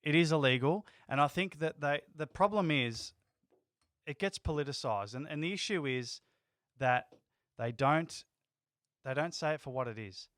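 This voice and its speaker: A man's voice: a little high, moderate pace, fairly bright tone, dry recording, studio quality. A man co-hosting a casual livestream chat, arguing his points emphatically. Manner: emphatic, argumentative. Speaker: livestream co-host.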